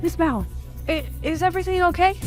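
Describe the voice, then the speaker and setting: A woman's voice: very high voice, a little fast, soft background music. A woman playing a firm restaurant manager who gives orders and scolds staff. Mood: indignant. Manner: bossy, indignant.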